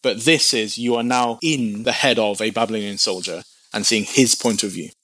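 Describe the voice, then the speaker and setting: A man's voice: lowish voice, steady tone, normal speed, sharp tone, no room sound. Chatty man teaching scripture. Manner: conversational, explains with questions. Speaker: Bible teacher. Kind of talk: verse-by-verse teaching.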